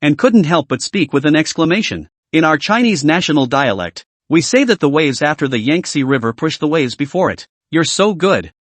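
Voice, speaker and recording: A man narrating a comic story recap in a brisk, scripted storytelling manner. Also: fairly high pitch, lively intonation, no echo.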